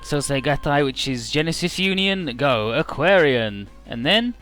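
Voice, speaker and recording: A man's voice: fairly high pitch, expressive, a little slow, fairly bright tone, soft background music. Rambling, joking man narrating a game. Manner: joking, rambling, many "uh" fillers. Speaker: video game let's player. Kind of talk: casual game commentary.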